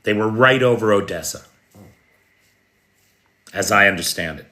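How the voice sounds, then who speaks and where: An American man with a bright, edged voice hosts a live news stream. He talks in a loose, chatty way, reads out viewers' comments and answers them by name, clearing his throat now and then. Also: lowish voice, a little slow. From United States. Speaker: livestream news host. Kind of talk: casual live chat reading viewer comments.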